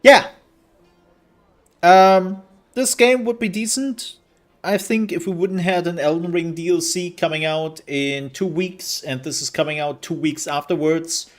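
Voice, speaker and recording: A man's voice: on the high side, steady tone, unhurried, faint music behind. A man streaming live, giving casual commentary on game demos in a rambling, candid way with hesitant fillers.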